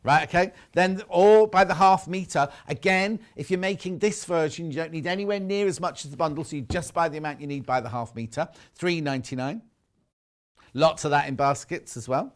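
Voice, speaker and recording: A man's voice: on the high side, brisk. A man from the north-west of England hosting live sewing sales on a TV shopping channel, chatty and jokey. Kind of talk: live TV selling and chat. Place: TV studio.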